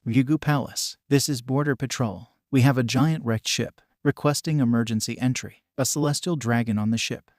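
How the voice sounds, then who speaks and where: A man's voice: mid-range voice, moderate pace, few pauses, darkish tone, dry recording, studio quality. A man reading a fan fiction story aloud, giving every character the same narrating voice.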